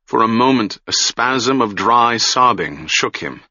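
A man reading a fantasy novel aloud in a measured, solemn manner, recorded close on a dry mic with a dull lo-fi sound. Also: medium pitch, lively intonation, bright, forceful tone, dry recording. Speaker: audiobook narrator. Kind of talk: scripted fantasy narration.

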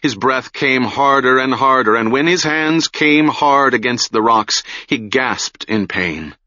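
A man reading a fantasy novel aloud in a measured, solemn manner, recorded close on a dry mic with a dull lo-fi sound. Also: medium pitch, pushed and bright, dry recording. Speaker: audiobook narrator. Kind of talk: scripted fantasy narration.

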